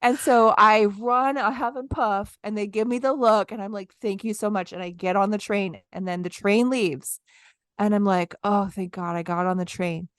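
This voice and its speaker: A woman in her thirties tells a story in easy, conversational chat, acting out what she said in little quoted bits. Her voice is smooth and clear, at a middle pitch, recorded close and dry with no room sound. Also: moderate pace, dry recording. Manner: animated, acts out her own lines in quotes. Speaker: podcast co-host.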